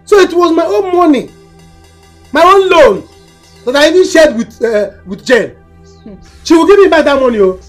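A man's voice: extremely high pitch, sing-song, normal speed, pauses often. An actor playing an angry man demanding back money he lent, in a film. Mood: indignant. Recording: echoey room with music under.

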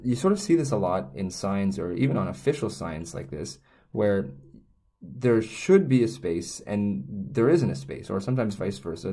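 A man's voice: fairly low pitch, mellow. A man explaining Korean signs in a casual lesson, rambling and restarting often as he drifts onto tangents. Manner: rambling, self-correcting, frequent restarts and tangents. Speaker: Korean language teacher.

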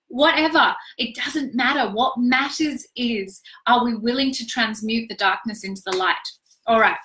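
Woman, intuitive reader; higher voice, bright and forceful; emphatic, flowing, affirming delivery. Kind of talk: live spiritual reading session.

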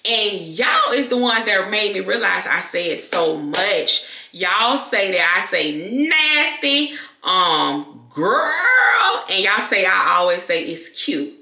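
A woman YouTuber talking candidly to her viewers, loud and expressive, in casual talk to camera. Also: on the low side, a little slow, vocal fry, hardly any pauses. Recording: echoey room.

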